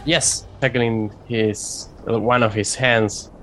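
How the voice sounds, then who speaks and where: A man at a tabletop game speaks in a mid-pitched voice. He hesitates and restarts his sentences often. Faint room noise is audible behind him. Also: fairly even intonation, slow pace, fairly bright tone. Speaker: player. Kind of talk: casual tabletop play.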